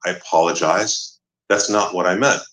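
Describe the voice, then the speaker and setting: A man's voice: sits low, steady tone, normal speed, a bit bright. A man, a rabbi, explaining earnestly in a podcast conversation. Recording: roomy played-back clip.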